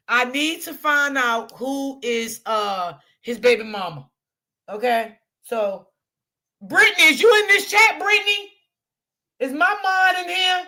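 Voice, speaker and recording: A loud, high-voiced woman hosts a commentary channel livestream, chatting casually. She laughs a lot, swears, and talks directly to her chat.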